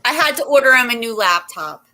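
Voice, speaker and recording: Playful teasing lady, high voice that jumps around a lot. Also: lively intonation, brisk, sharp tone, a little hiss or hum. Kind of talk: casual chat.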